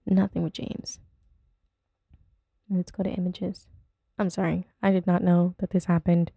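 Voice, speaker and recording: Dark-voiced woman, chatty podcast host. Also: fairly low pitch, fairly even intonation, slow pace, vocal fry, pauses often, slightly rough, no room sound, clean studio sound. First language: not English. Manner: chatty, rambling, easily sidetracked, giggly. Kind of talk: casual podcast chat. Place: at home with her dog nearby.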